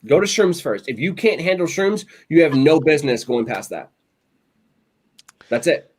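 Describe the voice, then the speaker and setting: A man's voice: fairly high pitch, normal speed, slightly rough. A man co-hosting a casual podcast, telling rambling stories full of "like" and "you know what I'm saying". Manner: rambling storyteller, animated, lots of "like" and "you know". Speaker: podcast co-host. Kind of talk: casual chat.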